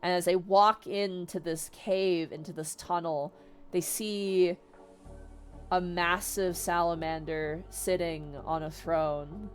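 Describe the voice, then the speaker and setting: A woman vtuber retelling a story in a casual, excitable, slangy way, chatting to her viewers. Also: fairly low pitch, slow, soft background music.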